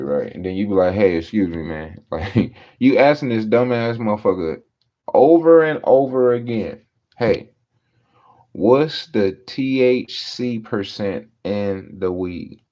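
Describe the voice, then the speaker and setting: A man's voice: on the low side, a little mellow. A man in a casual, profane rant full of slang, telling exasperated stories in a loose storytelling flow. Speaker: podcast host. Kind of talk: casual ranting monologue. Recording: dull lo-fi recording.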